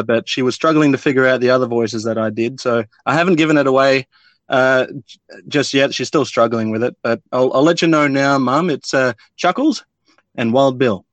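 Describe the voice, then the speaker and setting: A man's voice: mid-range voice, no room sound. A man with an Australian accent chatting as a podcast guest, hesitant and self-deprecating, with many uhs. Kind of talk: casual chat.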